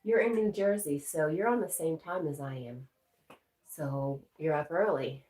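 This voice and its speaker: A woman's voice: deep voice, unhurried, darkish tone. A woman hosting a casual livestream from home, chatting with viewers and talking to her pet. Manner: chatty, talks to her pet and reads viewer comments aloud. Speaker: livestream host. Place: home indoors. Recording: roomy echo, mic at a distance, faint noise.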